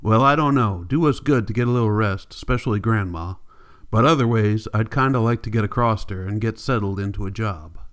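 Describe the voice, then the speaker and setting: A man's voice: on the low side, brisk, natural voice. A man reading the part of a worried farmer father in plain rural folk speech. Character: worried aging male farmer, family father.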